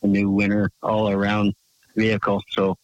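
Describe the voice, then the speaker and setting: A low-voiced male caller who talks haltingly and fills his answers with hesitations, keeping a deadpan tone. His voice is dry and close, with no room sound. He sounds easygoing and unhurried. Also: no room sound, muffled recording. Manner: hesitant, many fillers, deadpan short answers. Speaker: regular caller. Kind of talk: casual call-in chat.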